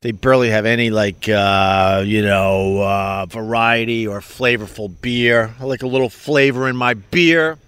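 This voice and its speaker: A man's voice: fairly low pitch, fairly even intonation, measured pace, few pauses, a bit bright, clean tone, dry recording. A man hosting a podcast, talking in a rambling, profane and self-mocking solo monologue. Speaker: podcast host.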